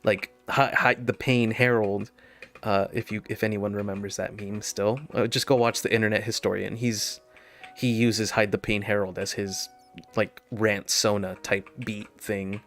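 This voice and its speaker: A man's voice: lowish voice, flat delivery, unhurried, fairly bright tone, soft background music. A man telling a casual story over gameplay, laughing often and restarting his sentences.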